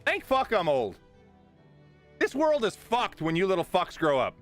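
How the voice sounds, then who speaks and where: A man's voice: high-pitched, wildly swooping pitch, a little slow, soft background music. A middle-aged man streaming a game live, talking bluntly and with heavy swearing as he rants at his chat. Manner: profane, blunt, ranting.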